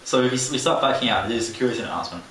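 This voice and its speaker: A man's voice: medium pitch, racing, fairly bright tone. A young man co-hosting a podcast, telling a rambling, laugh-filled story and mimicking the voices in it. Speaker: podcast co-host. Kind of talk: casual chat. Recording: roomy, distant mic with faint hiss.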